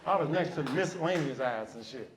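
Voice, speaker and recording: A man doing stand-up comedy, telling an animated, profane story and acting out the voices of others. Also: medium pitch, fast talker, heavy background noise. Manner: profane, slangy. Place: comedy stage before a live audience.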